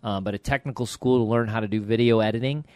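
A middle-aged man co-hosting a podcast, chatting casually and telling stories with animated quotes. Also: lowish voice, fast, no echo. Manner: lively storyteller, animated quotes. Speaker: podcast co-host.

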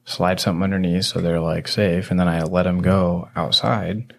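A man's voice: low voice, flat delivery, normal speed, creaky. A male podcast host explaining ideas in a rambling, teasing way, with lots of filler words. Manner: rambling, teasing, heavy "you know" fillers. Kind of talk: casual conversational explaining.

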